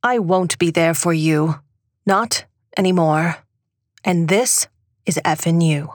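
A woman acting in a comedy sketch, delivering mock-serious noir detective narration in a deadpan way. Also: on the low side, takes it slowly.

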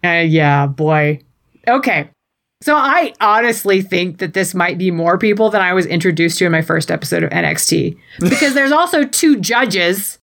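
A woman's voice: fairly low pitch, lively intonation, normal speed, creaky, fairly bright tone. An American woman co-hosting a podcast, recapping a baking show in casual, wry and sweary chat. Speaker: podcast co-host.

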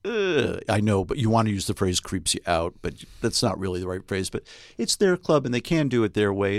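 Gravelly low-voiced man musing haltingly. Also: no echo, studio quality. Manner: halting, thoughtful, many fillers and restarts. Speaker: golf reporter, co-host. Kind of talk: casual podcast chat.

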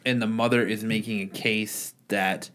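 Man calmly summarizing a story. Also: on the low side, normal speed. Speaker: podcast co-host. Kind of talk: casual group chat.

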